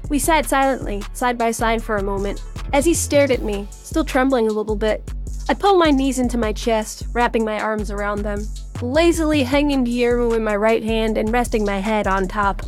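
A woman's voice: fairly high pitch, moderate pace. Wry woman narrating an audiobook. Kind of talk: first-person audiobook narration. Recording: faint music behind.

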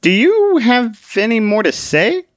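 A man's voice: very high-pitched, very animated, unhurried, no echo, studio quality, pitched above the performer's own voice, full character voice. A man voicing an irritable, suspicious grown man who answers with short questions.

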